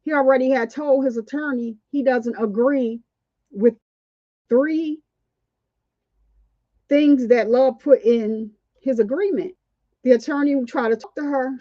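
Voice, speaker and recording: A woman's voice: high voice, warm tone, no echo, highs cut off. A woman hosting a casual, outspoken commentary on a court trial, indignant and chatty. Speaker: commentary channel host.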